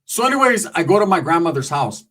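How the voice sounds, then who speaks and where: A man telling a comic story in a casual, profane, slangy way, breaking into squeaky voices when he quotes people. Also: very animated, quick pace, a bit bright.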